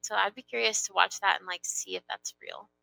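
A young woman co-hosting a casual chat, teasing and quick to question. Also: mid-range voice, steady tone, creaky, pushed and bright, no echo, low-quality recording. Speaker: co-host.

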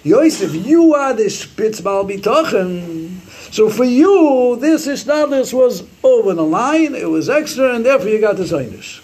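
A man's voice: very high voice, a little slow, slightly rough. A man giving a Torah class, quoting Hebrew sources and acting out the sayings as he explains them. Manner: animated, quotes Hebrew sources and acts out sayings. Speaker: Torah teacher.

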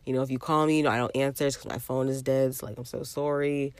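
A woman's voice: a bass voice, steady tone, quick pace, darkish tone, no room sound. Chatty woman vlogger in her thirties. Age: 30s. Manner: rambling, repeats phrases, addresses viewers as y'all. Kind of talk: casual storytime chat.

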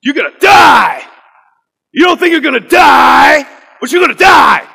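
A man voicing a fiery preacher who shouts at a room of children in an emphatic, repetitive sermon style. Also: animated, unhurried, vocal fry, long reverb tail, full character voice. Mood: thundering. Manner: booming, emphatic, repeats phrases.

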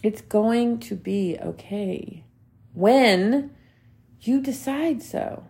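Her voice sits fairly high, with vocal fry and a mellow quality, and she speaks very slowly. A podcast host in her thirties, she gives a motivational solo talk, earnest and emphatic, circling back to key phrases and swearing casually.

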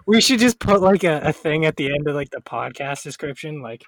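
A man co-hosts a casual podcast, rambling and joking, laughing often and swearing freely. His somewhat nasal voice sits a little high and has a fairly bright tone. He talks animatedly and a little fast, with no echo in the sound.

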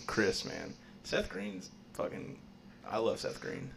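A man's voice: low-pitched, slow, creaky, a bit bright, slight background noise. A man co-hosting a podcast in casual banter, rambling, laughing often and making crude jokes. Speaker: podcast co-host.

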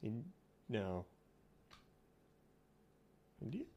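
A man's voice: lowish voice, very animated, drawn-out words, dark tone, lo-fi sound. A young man chatting casually during an accent-guessing game, teasing, blunt and swearing freely. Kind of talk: casual chat.

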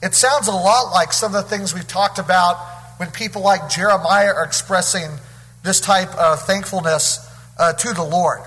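A man's voice: sits high, normal speed, a bit bright, husky. Give me a male preacher reading scripture and explaining it, in a hall with a long reverb. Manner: reads scripture aloud and comments verse by verse. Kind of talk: bible study sermon.

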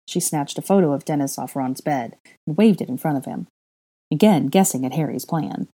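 A woman's voice: deep voice, brisk, mellow, slightly rough. A woman reading fan fiction aloud as a storyteller, voicing every character herself. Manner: reads all the character voices herself. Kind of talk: audiobook narration of fan fiction.

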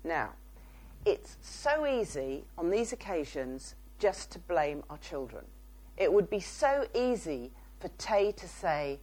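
A woman's voice: sits low, lively intonation, unhurried, darkish tone, poor audio. A woman, a psychotherapist and author, telling case stories as a guest. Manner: storytelling with quoted dialogue.

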